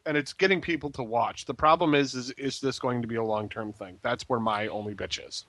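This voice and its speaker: A man's voice: medium pitch, a little fast, fairly bright tone, no room sound. A man co-hosting a podcast, talking casually with stops and restarts. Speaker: podcast co-host.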